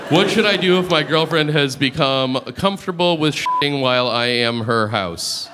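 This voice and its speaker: A man performing a stand-up comedy set in a club, telling stories in a deadpan, dry manner and acting out other people's lines. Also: on the high side, normal speed, hardly any pauses, crowd noise. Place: comedy club stage before a live audience. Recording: live club recording with audience noise.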